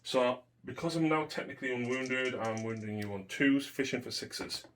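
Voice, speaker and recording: A man's voice: medium pitch, moderate pace, fairly bright tone, a little hiss or hum. A man playing a tabletop wargame, methodically talking through rules and dice rolls in casual commentary. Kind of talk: casual commentary over a game.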